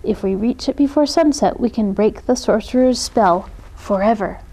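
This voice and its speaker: A woman reading a storybook aloud and voicing an enchanted young prince who speaks calmly and earnestly. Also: on the high side, normal speed, rough recording.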